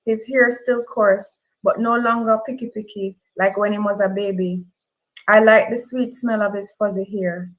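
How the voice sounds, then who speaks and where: A woman's voice: fairly even intonation, moderate pace, poor audio. Jamaican woman reading emotional fiction. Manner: emotional first-person reading, rising to high cries in dialogue. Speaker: reader. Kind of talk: audiobook-style fiction reading.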